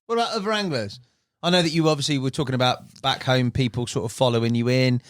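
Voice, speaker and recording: Matey English podcast host asking questions. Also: male voice, medium pitch, quick pace, no echo, studio quality. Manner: matey, prompting, teasing. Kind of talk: casual interview chat. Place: podcast studio.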